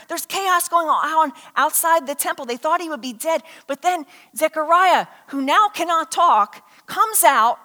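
A woman preacher giving an animated sermon, telling a story and asking the congregation questions. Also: sits high, unhurried, few pauses. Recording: hall reverb.

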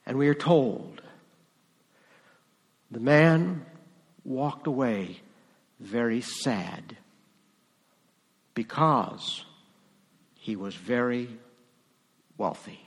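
A man's voice: medium pitch, drawn-out words, long pauses, husky. Man preaching in a reverberant church. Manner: conversational preaching with rising emphasis. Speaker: pastor. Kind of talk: sermon.

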